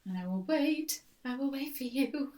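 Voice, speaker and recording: A woman's voice: high voice, lively intonation, moderate pace, darkish tone. A woman hosting a live-stream quiz, reading out questions and repeating them in a chatty, teasing way. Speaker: quiz host. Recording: voice distant from the mic.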